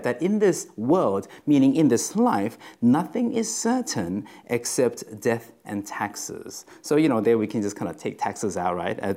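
Lively, conversational male preacher. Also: medium pitch. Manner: conversational, with frequent fillers and "right?" check-ins. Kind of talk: sermon.

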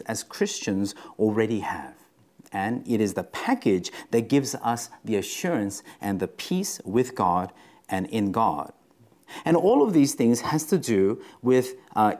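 Lively, conversational male preacher. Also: fairly low pitch. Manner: conversational, with frequent fillers and "right?" check-ins. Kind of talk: sermon.

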